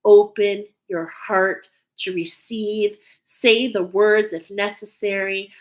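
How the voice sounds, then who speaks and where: Casting note: woman, unhurried spiritual card reader, gentle and affirming, emotions close to the surface. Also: mid-range voice, fairly even intonation, poor audio. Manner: slow, soothing, affirming, openly emotional. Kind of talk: intuitive tarot-style reading to viewers.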